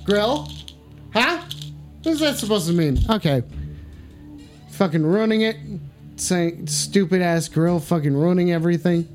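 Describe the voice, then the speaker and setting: A man hosting a call-in stream show, excitable and crude, swearing a lot and joking around. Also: high-pitched, unhurried, long pauses, faint music behind. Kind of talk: casual profane streaming chat.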